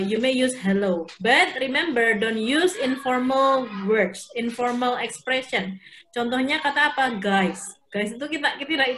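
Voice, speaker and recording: A woman's voice: on the high side, a bit bright, a little hiss or hum, rough recording. Indonesian-accented woman teaching online. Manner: explains step by step, asks the class questions. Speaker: English teacher. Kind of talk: online class instruction mixing English and Indonesian. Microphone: video call.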